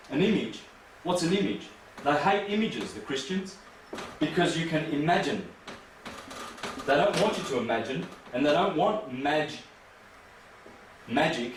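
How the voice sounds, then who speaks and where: Guy lecturing, rambly and emphatic, mic far off with faint hiss. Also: a little high. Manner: emphatic, rambling, rhetorical questions. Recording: echoey room from far off, faint noise.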